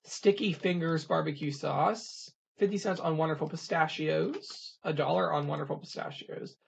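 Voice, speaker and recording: A couponing channel host giving a casual rundown, reading items off in a quick plain list. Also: mid-range voice, steady tone, gravelly, slight background noise.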